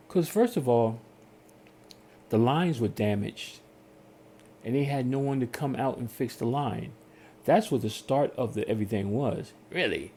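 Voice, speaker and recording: A podcast host with a mid-range voice is telling an animated story as a casual rant, taking his time and pausing often. He acts out customer service calls in various voices, and there is slight background noise.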